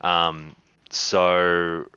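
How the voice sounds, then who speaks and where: A man with an Australian accent, chatting casually over voice chat while gaming and telling animated stories with plenty of swearing. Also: sits low, extremely slow, smooth, no room sound, muffled recording. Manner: animated storyteller, swears freely. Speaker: podcaster and gamer.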